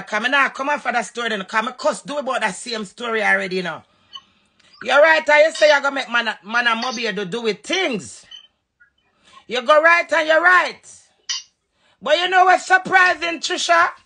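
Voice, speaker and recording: Jamaican woman, high bright gravelly voice, heated live-stream rant, confrontational and scolding. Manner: confrontational, scolding, repeats and mimics others. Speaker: social media personality on a live stream.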